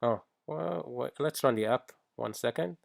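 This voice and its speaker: A man talks through a coding tutorial at an unhurried, halting pace, pausing on fillers as he thinks aloud. His lowish voice has a gravelly edge, and the sound is dry and close. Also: no echo. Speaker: iOS developer teaching. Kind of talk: screen-recorded coding tutorial.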